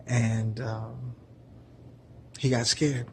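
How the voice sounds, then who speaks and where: A man's voice: mid-range voice, flat delivery, drawn-out words, vocal fry, a little hiss or hum. A man telling a story in a casual, earnest way, keeping his voice down, with many fillers. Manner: soft-spoken, keeping voice down. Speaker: vlogger telling a parable.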